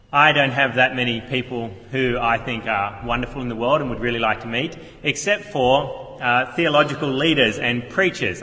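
A man's voice: medium pitch, bright, forceful tone, long reverb tail. A man preaching a sermon as pastor, earnestly explaining a text with rhetorical questions, in a church.

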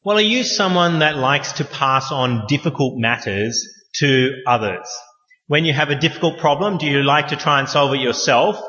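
A man's voice: mid-range voice, animated, moderate pace, pushed and bright. A man preaching a sermon in an earnest, conversational way, telling stories from his own life. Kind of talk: sermon with opening prayer. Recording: echoey hall, dull lo-fi sound.

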